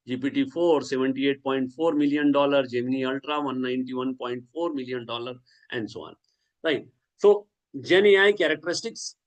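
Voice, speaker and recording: A man's voice: on the high side, low-quality recording. A man giving a lecture, stressing key words and often adding "okay" and restarting phrases. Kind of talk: lecture on generative AI.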